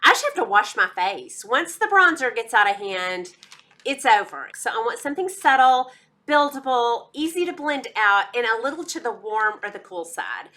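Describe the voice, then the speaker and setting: Texan lady doing a chatty makeup review, kinda high bright voice, lots of y'all. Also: big pitch swings, normal speed. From Texas. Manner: chatty and enthusiastic, addresses viewers as y'all. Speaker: beauty vlogger. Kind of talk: casual product review.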